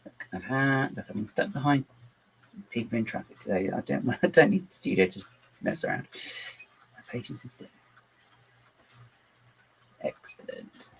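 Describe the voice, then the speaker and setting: A man streams casually from home, building models on his computer while rambling, poking fun at himself, and talking to his dog and to himself. His voice is medium-pitched and creaky, at normal speed with frequent pauses. There's slight background noise, and the audio is poor.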